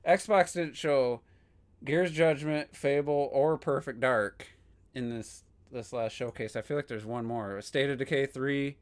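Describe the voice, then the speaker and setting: A man co-hosting a casual podcast chat, relaxed and steering the conversation, laughing easily. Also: medium pitch, unhurried. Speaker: podcast co-host.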